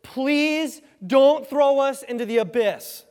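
A man voicing frightened, pleading male demons in a high, frantic tone. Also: slow pace, a little mellow. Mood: panicked. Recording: reverberant hall.

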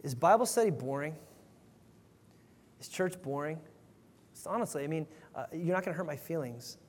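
High-voiced male pastor preaching in a reverberant hall. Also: expressive, moderate pace. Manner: earnest, conversational preaching with repeated restarts. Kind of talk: sermon. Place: church sanctuary.

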